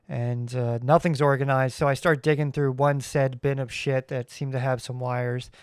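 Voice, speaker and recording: A man's voice: medium pitch, clear, resonant tone, no echo, clean studio sound. A man hosting his own podcast, telling stories in a rambling, wry, casual way. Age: adult parent. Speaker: podcast host. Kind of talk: casual solo podcast chat.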